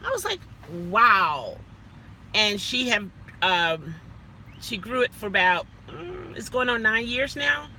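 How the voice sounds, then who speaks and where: A woman's voice: a little high, expressive, measured pace, sharp tone, slight background noise. A woman rideshare driver chatting casually to her vlog from inside her car, rambling with little self-talk asides.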